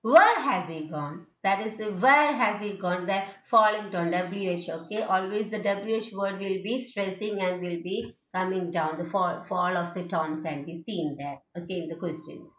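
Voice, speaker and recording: A woman's voice: lowish voice, steady tone, moderate pace, few pauses. A woman teacher explaining English intonation in a lesson, often saying "okay" and reading out examples. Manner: explanatory, frequent "okay" fillers, reads examples aloud. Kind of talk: lecture on intonation. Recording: echoey room, dull lo-fi sound.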